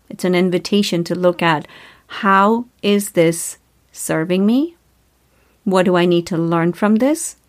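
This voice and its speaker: A woman hosting a spiritual self-help podcast, talking earnestly and repeating herself, full of rhetorical questions. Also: lowish voice. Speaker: podcast host.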